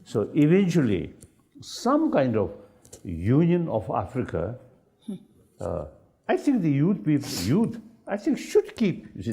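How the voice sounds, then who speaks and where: An older man who is not an English speaker, talking in a halting, searching way with many fillers and ready laughs. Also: mid-range voice. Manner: laughs easily, animated. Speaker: spiritual leader in dialogue. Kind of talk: unscripted dialogue.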